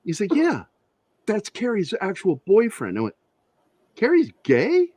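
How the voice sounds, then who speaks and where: A man who is a guest on an interview show, telling profane, animated anecdotes with a lot of laughter in casual conversation. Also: high-pitched, normal speed, no echo. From Virginia, USA. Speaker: interview guest, comic creator. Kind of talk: casual storytelling.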